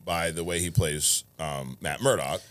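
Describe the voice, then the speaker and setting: Laid-back, low-voiced man chatting. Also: a little slow. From United States. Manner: laid-back, swears freely, calls people bro and dude. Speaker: podcast co-host. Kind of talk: casual chat reading viewer comments.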